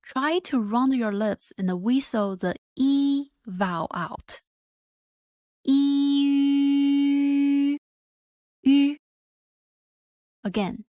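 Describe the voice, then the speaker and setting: A woman teaching a pronunciation lesson, modelling each sound carefully and deliberately. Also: mid-range voice, animated, a little mellow, dry recording, studio quality. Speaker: Mandarin teacher. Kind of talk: slow, clear pronunciation lesson.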